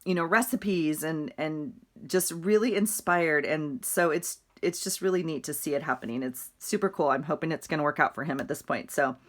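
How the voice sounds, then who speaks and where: A woman's voice: low voice, moderate pace, few pauses. A middle-aged woman chatting casually about her week, rambling and laughing often. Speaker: vlogger. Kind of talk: casual chatty journal walkthrough.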